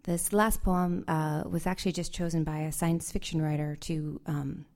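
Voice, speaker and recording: A woman poet giving a live reading of her poems, soft and measured, with hesitant asides between them. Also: deep voice, little pitch movement. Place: live reading event before an audience.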